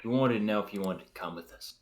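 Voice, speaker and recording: A man's voice: lowish voice, fast talker. A man playing a tabletop game, chatting casually in an easygoing, slightly mumbled way. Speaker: player.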